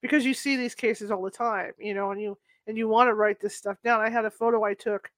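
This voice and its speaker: Halting, emphatic interviewer, dry close sound. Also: medium pitch, steady tone, fairly bright tone, dry recording. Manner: emphatic, halting with many restarts. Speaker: interviewer, former news reporter. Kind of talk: interview conversation.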